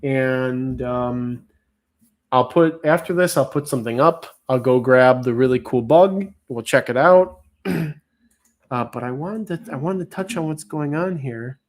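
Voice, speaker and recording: Rambling man calling bug auction bids. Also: medium pitch. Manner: rambling, self-interrupting, drawn-out bid calls. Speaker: livestream auction host. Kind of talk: casual livestream auction chat.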